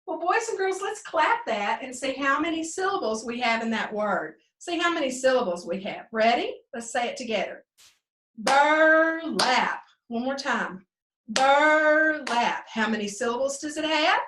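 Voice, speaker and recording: A woman teaching a second grade phonics lesson to children, slow and sing-song, stretching out the sounds. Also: sits high, animated, a bit bright, a little hiss or hum. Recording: echoey room, a bit distant.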